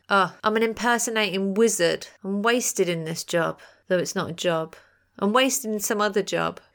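A woman's voice: mid-range voice, a bit bright. A woman hosting a podcast and reading out quiz answers in a chatty, playful way with jokey asides. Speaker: podcast host.

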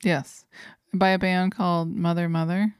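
A woman with a smooth, clear voice pitched a little low co-hosts a podcast in loose, casual chat. She is playful and chatty and laughs often. The sound is dry and close, with no room echo. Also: little pitch movement, a little slow. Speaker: podcast co-host.

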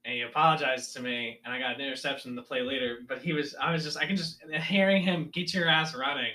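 A man's voice: medium pitch, fast talker. A young man casually telling a story from his school sports days and acting out his coaches' lines. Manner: animated storyteller, acts out coaches yelling.

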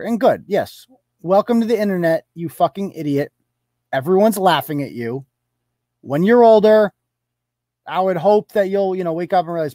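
A man's voice: a little high, animated, moderate pace, long pauses, a little mellow, no room sound, studio quality. A man hosting a live online commentary show. He reads posts aloud off his screen and answers them in a mocking, profane, sarcastic way, chuckling as he goes. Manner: chuckles through his rants.

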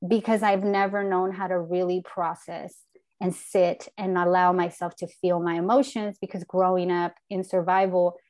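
A woman's voice: lowish voice, little pitch movement, moderate pace, a little mellow. Earnest, reflective woman in conversation. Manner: earnest, reflective, casual swearing. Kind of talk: candid heartfelt conversation.

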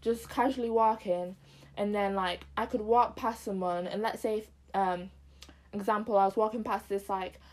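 A young woman from Zimbabwe co-hosts a relaxed conversation. She speaks at a middle pitch and fills her sentences with "like" and "um". Her tone is easygoing and conversational. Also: normal speed. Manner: chatty, many fillers like "like" and "um". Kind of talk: casual chat.

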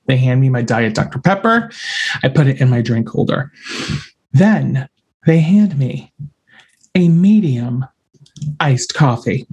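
A man's voice: mid-range voice, unhurried, pauses often, husky. A man hosting a podcast, telling funny stories and acting out every scene dramatically. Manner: dramatic, animated storyteller who acts out scenes. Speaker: podcast host. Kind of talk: podcast chat and storytelling.

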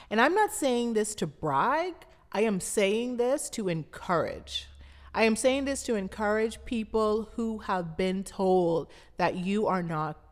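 Bahamian woman, unhurried and emphatic; preacher-like repetition, long hall reverb. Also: mid-range voice. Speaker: brand founder. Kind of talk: motivational talk.

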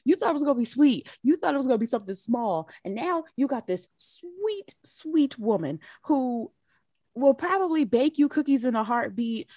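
A woman's voice: high-pitched, expressive, moderate pace, warm tone, dry recording. A woman co-hosting a casual podcast, scolding in mock indignation with emphatic, repeated lines. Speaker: podcast co-host. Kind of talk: casual chat.

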